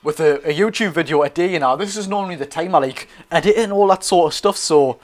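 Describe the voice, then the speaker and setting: Quick-paced and on the high side, this young Geordie man's voice carries his chatty commentary during a football watch-along stream. He reacts to the play and reads aloud from his viewers' chat, replying as he goes.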